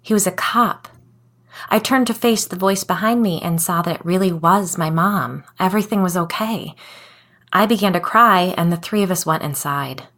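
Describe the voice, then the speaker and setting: As a guest on a podcast, a woman with a fairly low voice reads a scripted, creepy first-person tale. She narrates calmly and measuredly, keeping steady from one line to the next.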